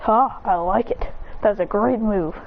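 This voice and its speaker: A woman's voice: medium pitch, measured pace, phone-quality sound, voice pushed down. A woman voicing a smug, proud male warrior prince in a fan storytelling clip, talking in a scoffing, incredulous way.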